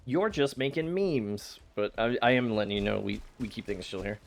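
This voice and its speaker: While streaming a game, a man chats casually with his viewers in a playful, teasing way, laughing often and stammering. His voice is lowish and gravelly, and he talks at a normal speed.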